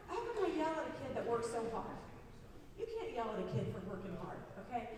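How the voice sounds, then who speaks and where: A Midwestern American woman coach speaks to a crowd in a school gym, her voice high and carried by a long, booming echo. She is recorded from far off, the sound spread wide across the hall. She tells her stories warmly, and her voice turns emotional now and then. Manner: warm storytelling, emotional, self-deprecating jokes. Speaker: girls basketball coach. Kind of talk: senior night speech to a gym crowd.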